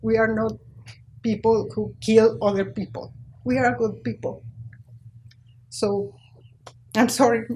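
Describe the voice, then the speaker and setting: Earnest, slow-speaking woman. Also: a little high, steady tone, a little mellow, slight background noise, poor audio. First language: Spanish. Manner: earnest, pleading, apologetic, halting non-native English. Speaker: public commenter at a school board meeting. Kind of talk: public comment speech. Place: school board meeting room.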